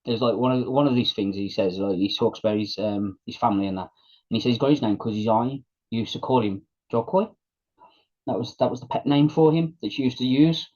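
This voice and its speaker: A man's voice: medium pitch, brisk, a little mellow. A man co-hosting a casual podcast, making dry quips and retelling a comedy bit. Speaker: podcast co-host. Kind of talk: casual chat. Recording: dull lo-fi sound.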